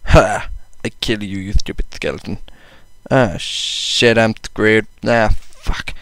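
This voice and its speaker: A young man casually commenting on his own gameplay, mocking himself, swearing a lot and breaking into sudden loud outbursts. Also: lowish voice, fairly even intonation, takes it slowly, no echo. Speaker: gaming channel host.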